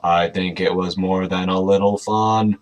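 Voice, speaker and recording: A man reading aloud, voicing a big, easygoing male dinosaur in a low, drawn-out voice. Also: steady tone.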